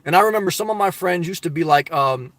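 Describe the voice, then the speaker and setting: A man's voice: high-pitched, animated, fast talker, fairly bright tone, dry recording. Upbeat middle-aged man, dry close sound. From US Northeast. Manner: upbeat, preachy, talks straight to viewers. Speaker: live-stream host. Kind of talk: casual live-stream chat reading comments.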